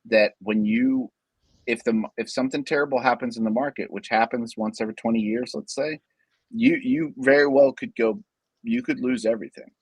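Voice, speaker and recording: A man's voice: mid-range voice, fairly quick, slightly rough, no echo. A man hosting a trading talk show in casual chat, joking and often restarting his sentences. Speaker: show host.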